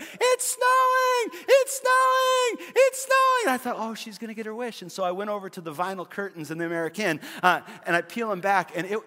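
A man's voice: a little high, a bit bright. A middle-aged man preaching a sermon as a pastor, telling stories with humor and often restarting his phrases. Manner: storytelling with humor, frequent repeated restarts. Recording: long hall reverb.

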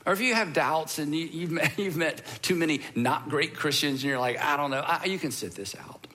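Male pastor, slightly higher voice, earnest sermon delivery with hushed moments. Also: normal speed. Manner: earnest, swings from animated emphasis to hushed, near-whispered lines. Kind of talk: sermon closing with prayer.

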